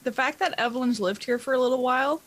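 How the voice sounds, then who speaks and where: A woman playing a tabletop role-playing game, asking rules questions and describing her character's actions. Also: high voice. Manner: quick, questioning. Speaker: player.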